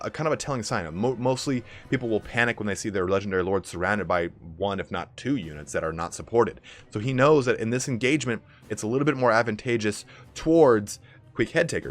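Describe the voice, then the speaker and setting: A young man with a raspy, allergy-hoarse voice giving casual play-by-play commentary on a strategy game match. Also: lowish voice, fairly bright tone. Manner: casual, fast-flowing play-by-play with fillers. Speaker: game caster.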